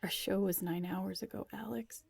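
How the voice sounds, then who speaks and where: Woman doing a quiet, weary young drummer. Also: mid-range voice, fairly even intonation, moderate pace, gravelly, husky. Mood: subdued. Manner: quiet and shaky.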